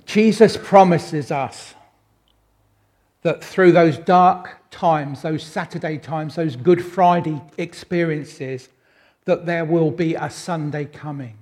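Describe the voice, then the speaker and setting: Slow-speaking male preacher. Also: fairly high pitch, darkish tone. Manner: unhurried, reflective, with wry self-deprecating asides. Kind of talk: sermon.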